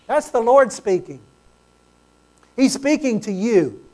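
A man preaching a sermon as pastor, emphatic, building to loud praise and calling for amens from the congregation. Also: extremely high pitch, sing-song, slow, long pauses.

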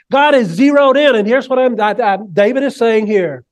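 A man preaching a sermon, swinging from hushed, low lines up to ringing cries, and leading the congregation in repeating phrases. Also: animated, normal speed. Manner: leads the congregation in call and response. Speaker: pastor.

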